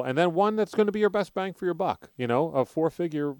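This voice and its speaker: A man's voice: a little high, expressive, fast, clear, resonant tone, no echo, studio quality. A man with a Philadelphia accent co-hosting a podcast, talking sports bets in a brash, profane, joking way. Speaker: podcast co-host. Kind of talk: casual sports betting chat.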